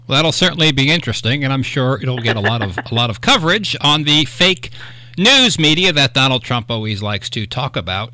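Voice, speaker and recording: A man hosting a radio talk show, chatting casually with quick joking asides. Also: mid-range voice, animated, bright, forceful tone, no room sound. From upstate New York.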